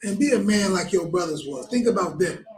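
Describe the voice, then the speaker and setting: A man's voice: high-pitched, expressive, fairly quick, reverberant, rough recording. A man preaching a fervent, blunt sermon with lots of repetition.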